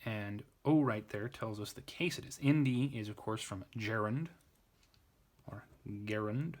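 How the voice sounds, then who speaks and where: A man's voice: on the low side, normal speed, darkish tone. A man giving an informal Latin grammar lesson, thinking aloud, often restarting and correcting himself. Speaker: Latin tutor.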